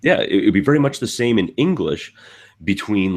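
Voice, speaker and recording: A man's voice: deep voice, normal speed. A young man from Canada on a convention panel, talking in a rambling way with lots of fillers and restarts.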